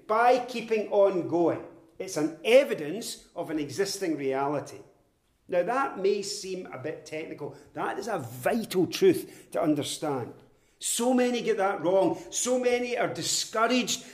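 High-voiced man preaching in an echoey room. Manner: earnest, emphatic, explaining step by step. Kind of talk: expository sermon. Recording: roomy echoey hall.

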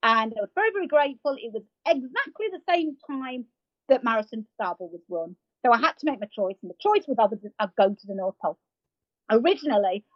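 Self-mocking woman, higher voice. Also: fast talker, dry recording, lo-fi sound. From United Kingdom. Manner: lively, self-mocking, many fillers and restarts. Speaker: guest, marathon runner. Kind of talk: casual storytelling in an interview.

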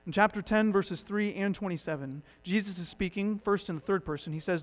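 Pastor, male, higher register, dynamic preacher who drops from punchy to hushed, long church reverb. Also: fairly quick. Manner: dynamic, swinging from loud emphatic to hushed. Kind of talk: sermon.

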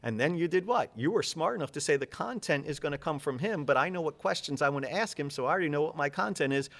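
A man guesting on a podcast, talking about public speaking in an energetic, emphatic, coaching manner. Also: fairly high pitch, fast talker. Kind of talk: casual interview chat.

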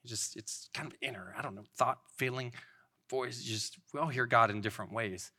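A man's voice: mid-range voice, moderate pace, sharp tone. A man in his thirties giving an informal, earnest sermon, rambling with many restarts.

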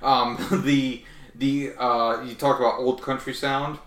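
A man's voice: mid-range voice, level tone, slow pace, a bit bright, echoey room, recorded from a distance. A man co-hosting a casual radio show, chatting about music in a rambling, enthusiastic way with many fillers.

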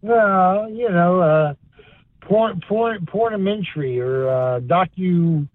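A man with a Southern US accent, from Florida, calling in to a radio show and talking haltingly with many fillers. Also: high-pitched. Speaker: caller. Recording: tinny dry phone line.

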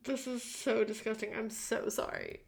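A young woman with a very high voice chats as a podcast co-host. She reacts to disturbing details with squeamish exclamations and laughter. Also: wildly swooping pitch, moderate pace, vocal fry. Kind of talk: casual chat.

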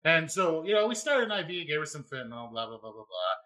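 Animated man telling a wild story. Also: on the high side, fast, rough recording. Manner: animated, laughing, yells quoted lines. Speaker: podcast host; former EMT. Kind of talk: casual storytelling.

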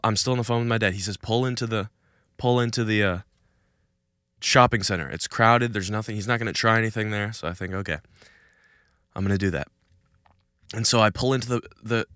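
A young male podcast host tells a story outdoors, chatting casually and laughing now and then. His voice sits a little low but sounds bright and forward. The sound is dry, with almost no room echo. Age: young adult. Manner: animated storyteller, laughs between lines. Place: outdoors in a cul-de-sac.

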